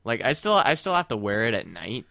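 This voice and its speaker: Lively, bright-voiced young man chatting. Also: medium pitch, brisk, vocal fry, no room sound, clean studio sound. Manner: teasing, rambling with many restarts. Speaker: friend chatting. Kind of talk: casual chat.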